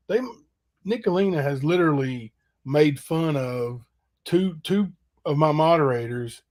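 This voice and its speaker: A man's voice: fairly high pitch, darkish tone. Man, stream host, blunt, plain-spoken, casual late-night talk. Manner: plain, blunt, short replies.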